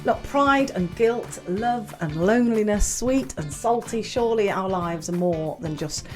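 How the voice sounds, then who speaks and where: A woman co-hosting a podcast, delivering a scripted intro and reacting with quick laughs and affirmations. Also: medium pitch, animated, a little mellow, faint music behind. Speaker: podcast co-host.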